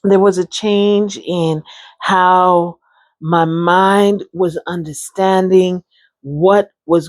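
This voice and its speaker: A woman talking casually about her own life, chatty and expressive, laughing often and speaking straight to her listeners. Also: lowish voice, dry recording. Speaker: vlogger sharing her brain injury recovery. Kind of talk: casual personal storytelling to camera.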